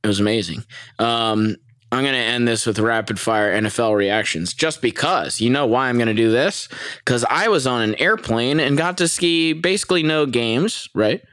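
A young American man tells a story to his viewers, animated and profane, breaking into laughter. His voice is smooth and resonant, at a middle pitch. The sound is dry and close. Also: moderate pace, dry recording. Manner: animated, profane, laughs often, mimics people in high voices. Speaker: vlogger. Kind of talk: casual storytelling.

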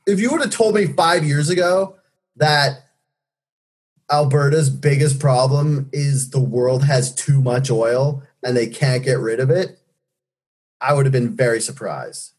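Husky-voiced man, casual sarcastic chat. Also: mid-range voice, unhurried, darkish tone. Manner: sarcastic, rambling, swears freely. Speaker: podcast co-host.

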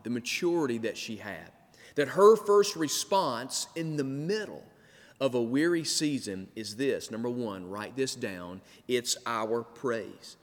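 A pastor preaching a sermon, building emphasis through repeated phrases. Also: male voice, medium pitch, long reverb tail. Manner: preaching with rising emphasis and repetition.

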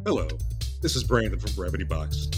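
A man co-hosting a casual comedy podcast, reading a joke announcement in a straight-faced announcer voice. His pitch sits in the middle range, and clear music plays behind him. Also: big pitch swings, a little fast. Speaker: podcast co-host.

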